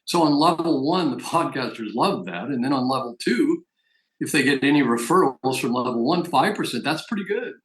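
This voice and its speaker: A man's voice: medium pitch, animated, normal speed, roomy sound, rough recording. A man giving a persuasive, emphatic business opportunity presentation as a network marketing presenter. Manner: persuasive, emphatic sales talk.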